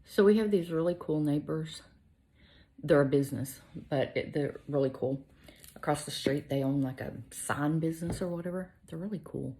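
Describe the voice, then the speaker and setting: With a low, mellow voice at normal speed, a middle-aged woman talks through her makeup tutorial in a relaxed, self-mocking way. Now and then she lowers her voice to a whisper.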